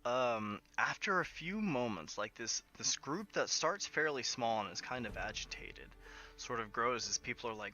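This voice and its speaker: A man's voice: medium pitch, lively intonation, moderate pace, lo-fi sound. A man narrating as game master of a tabletop game, playful and full of fillers. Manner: playful storytelling with frequent fillers.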